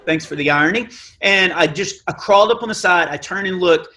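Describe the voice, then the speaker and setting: A middle-aged man with a naturally high voice telling a self-mocking comic story on stage, acting out the dialogue. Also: brisk, bright, forceful tone. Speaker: Christian comedian. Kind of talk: stand-up storytelling. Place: live event stage.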